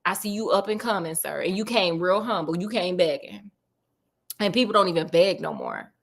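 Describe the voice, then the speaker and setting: A woman's voice: on the low side, normal speed, gravelly, pitched below the performer's own voice. A woman voicing a breezy, streetwise male detective in a casually told story, talking in laid-back slang.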